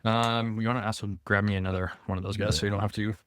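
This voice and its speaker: A man's voice: on the low side, level tone, fast, a bit bright, smooth, no room sound. A man hosting a casual podcast, easygoing and hesitant, searching for words with lots of ums. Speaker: podcast host.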